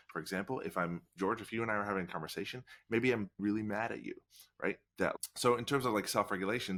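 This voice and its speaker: A man who is a guest expert on workplace culture gives long, energetic explanations in an interview, often adding "like" and "right?". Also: low-pitched.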